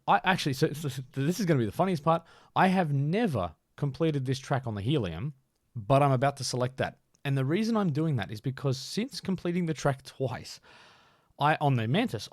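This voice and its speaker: A man's voice: medium pitch, no room sound, clean studio sound. A man streaming a game live, chatting with viewers and giving a tutorial, thinking aloud and poking fun at himself.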